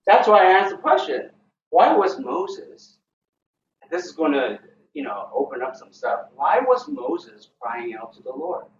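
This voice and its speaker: A man leading a Bible study, who talks haltingly and keeps checking in with his listeners. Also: on the high side, big pitch swings, a little hiss or hum. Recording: echoey, dull, distant room recording.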